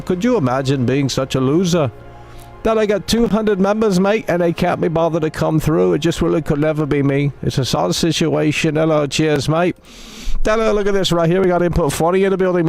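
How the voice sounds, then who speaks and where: A man's voice: mid-range voice, a little mellow, no echo, lightly acted. A male streamer putting on a cheeky mock-British bloke voice, tacking "mate" and "cheers" onto nearly every line in bouncy, teasing live-stream banter.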